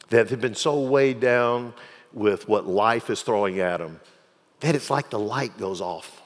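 A male pastor preaching a sermon, swinging from quiet reflection to loud, fervent pleading. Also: medium pitch, breathy edge. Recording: long hall reverb.

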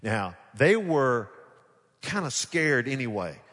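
A man preaching a sermon as pastor, moving from hushed, soft passages to loud, animated bursts where he acts out scenes. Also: mid-range voice, slow pace. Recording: long hall reverb.

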